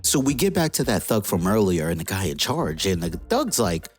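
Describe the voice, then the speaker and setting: A woman reviewing a comic book, who retells the story in an excited, slangy, casual way. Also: very deep voice, normal speed, slightly rough, soft background music.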